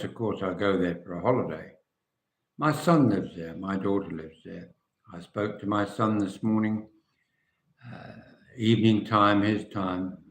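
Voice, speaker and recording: An English man in his seventies chatting casually and frankly to viewers on a live stream, rambling and trailing off quietly at the ends of phrases. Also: sits low. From England. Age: 70s. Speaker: vlogger. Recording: echoey room.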